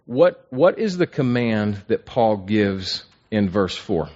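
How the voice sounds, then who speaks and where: A man's voice: fairly low pitch, very animated, takes it slowly, darkish tone. A man teaching an interactive Bible class, asking the group questions and restarting his phrases with repeated words. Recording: dull lo-fi recording.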